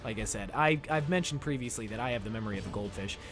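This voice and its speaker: A man streaming a video game, talking casually with his viewers in a loud, jokey, excitable way. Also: on the low side, fast, noisy background. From United States. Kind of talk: casual live-stream commentary. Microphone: desk microphone.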